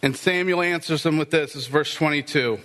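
A male pastor preaching a sermon, telling the story with lively, acted-out dialogue. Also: fairly high pitch, moderate pace, long reverb tail.

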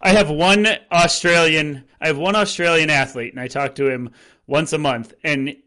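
A man's voice: fairly high pitch, steady tone, normal speed, pushed and bright. A man hosting a podcast, asking questions in a chatty, self-deprecating way with plenty of fillers. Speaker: podcast host. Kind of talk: casual interview chat.

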